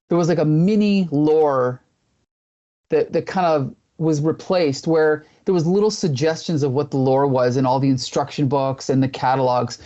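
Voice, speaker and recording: A man's voice: on the high side, a little mellow. A man co-hosting a casual comics discussion, rambling and thinking aloud as he goes. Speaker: podcast co-host. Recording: dull lo-fi audio.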